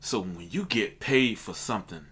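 A man's voice: lowish voice, animated, moderate pace, crowd noise. A man and aspiring stand-up comedian in a casual podcast chat, talking earnestly and with a motivational drive, and often saying "let me tell you.".

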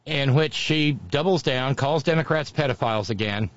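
A man's voice: mid-range voice, normal speed, no room sound. Scornful male political commentator, lo-fi. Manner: sarcastic, scornful, name-calling.

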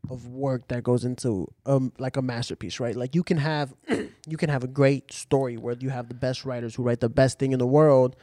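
A man's voice: medium pitch, fairly even intonation, normal speed, few pauses, mellow, dry recording. A man co-hosting a casual podcast, laid back and agreeable, swearing now and then. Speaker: podcast co-host.

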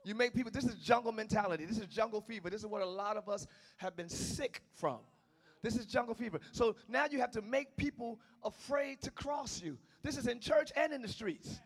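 A male pastor preaching a sermon in church, swinging between shouted lines and low, quiet passages. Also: fairly quick, slightly rough. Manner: preaching with call-outs, shifting between shouting and low tones. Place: church sanctuary.

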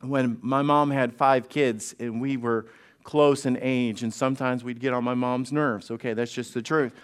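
A male pastor delivers a sermon in a conversational, humorous style, telling funny stories and frequently restarting and repeating his words. His mid-range voice sounds clean and steady, and he speaks at a moderate pace.

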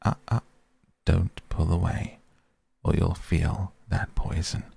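Brief: imperious old woman tester, read by a man, gravelly and very deep, cold and clipped, slow and measured. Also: little pitch movement, warm tone, dry recording, heavily acted. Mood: menacing. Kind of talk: audiobook character reading.

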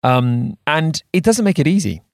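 A man in his thirties hosting a surf podcast, animated in chat and soft and slow when guiding breathing. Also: a little high, dry recording, studio quality. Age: 30s. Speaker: podcast host.

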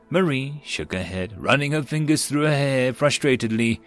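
Brief: male storyteller, measured and descriptive, mid-range voice, soft music bed. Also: mid-range voice, lively intonation. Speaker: narrator. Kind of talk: scripted story narration.

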